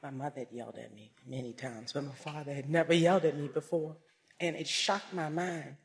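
A woman giving a personal testimony, swinging between hushed and raised, emotional storytelling. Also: sits low, fairly even intonation, fairly quick, breathy edge.

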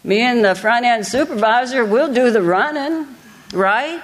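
A woman's voice: a little high, measured pace. A middle-aged woman shares a personal testimony with a congregation. She talks in an earnest, folksy way, and her preaching is full of quoted asides. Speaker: church speaker.

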